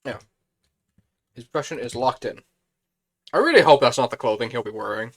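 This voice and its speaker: Hoarse man thinking aloud while streaming. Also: medium pitch, animated, a little fast. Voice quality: thinks aloud, mutters to himself, chatty. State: hoarse, voice fading. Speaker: streamer playing a building game. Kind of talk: casual live-stream commentary.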